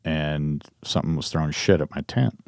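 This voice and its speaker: A man's voice: a bass voice, normal speed, gravelly, no echo, studio quality. A man from Northern California, a podcast guest, telling a story in casual conversation with lots of swearing and restarts. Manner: animated, profane, full of restarts.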